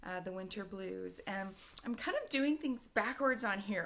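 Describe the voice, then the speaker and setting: A middle-aged woman talks straight to camera about her own life, candid and rambling, often breaking into short laughs. Her voice sits at an ordinary middle pitch. The audio is a little dull and lo-fi. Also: lively intonation, unhurried, vocal fry, fairly bright tone, a little hiss or hum. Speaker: vlogger. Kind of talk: personal video talk.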